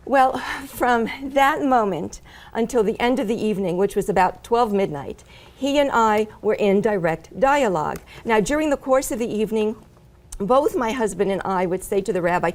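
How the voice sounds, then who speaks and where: A middle-aged woman earnestly telling her faith story, with frequent fillers and pauses. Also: a little high, lively intonation, faint music behind. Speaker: guest sharing her testimony. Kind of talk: personal testimony in conversation.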